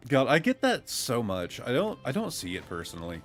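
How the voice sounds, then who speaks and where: Excitable man with a jumpy voice. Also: fairly quick, soft background music. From Ohio, USA. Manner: lively pitch that jumps up and down, excitable outbursts. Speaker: gaming streamer. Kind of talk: casual gameplay commentary.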